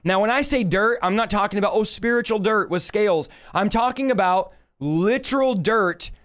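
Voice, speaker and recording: Male preacher, 30s, high and resonant voice, emphatic live-stream testimony. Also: normal speed, a bit bright. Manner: fervent, emphatic storytelling with repeated phrases; talks straight to live viewers.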